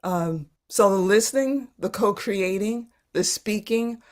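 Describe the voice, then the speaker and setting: A woman leading a live online workshop over a video call, speaking gently and haltingly, repeating words as she searches for them. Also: medium pitch. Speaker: workshop facilitator.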